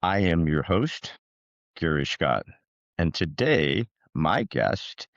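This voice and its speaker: A deep-voiced man hosting a podcast, upbeat and chatty, his voice swinging up and down with lively energy. The sound is dry and a little dull, with a lo-fi edge. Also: slow, no room sound. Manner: upbeat and enthusiastic. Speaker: podcast host. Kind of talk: casual interview chat.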